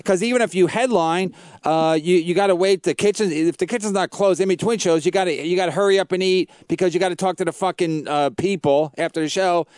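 A man with a smooth, resonant voice pitched a bit high hosts a loose comedy podcast. He wisecracks and teases his guests with profane asides. The sound is dry and close-miked. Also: quick pace, a little mellow, no echo. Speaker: podcast host. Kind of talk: casual comedy podcast banter.

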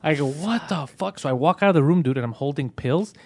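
Fast-talking, swearing comedian man. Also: fairly high pitch, no room sound. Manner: swearing, animated storyteller acting out dialogue. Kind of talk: casual storytelling chat.

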